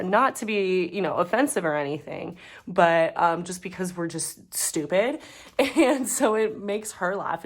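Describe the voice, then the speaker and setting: A woman in her twenties chatting casually as a budgeting vlogger, rambling and muttering numbers as she counts bills at home. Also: fairly low pitch. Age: 20s. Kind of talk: casual chat while counting cash. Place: home, dog nearby.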